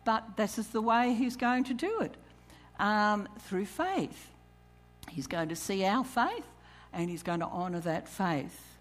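A woman's voice: medium pitch, expressive, a little slow. A woman preaching a sermon to a congregation, calling out questions to them and reading scripture aloud. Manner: calls questions to the congregation, reads scripture, chuckles. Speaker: church speaker. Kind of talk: sermon on tithing.

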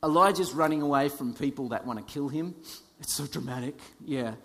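A man preaching a sermon, dramatic in delivery, dropping from loud to whispers, with light self-deprecating humor. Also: medium pitch, fairly quick, in a large hall. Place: church.

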